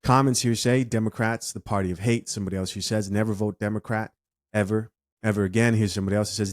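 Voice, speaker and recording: A man hosting a commentary video, calmly reading out viewer comments. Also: fairly low pitch, no echo, clean studio sound. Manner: measured, reads comments aloud. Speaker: commentary host.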